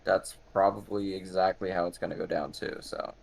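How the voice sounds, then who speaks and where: A man's voice: sits low, steady tone, normal speed, gravelly. A man narrating a tabletop game as game master, with many hesitant fillers.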